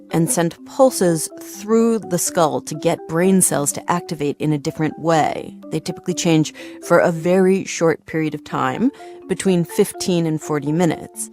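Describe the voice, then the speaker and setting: A woman reporter narrating a podcast in a measured, explanatory way. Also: fairly low pitch, a little mellow. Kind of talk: scripted narration.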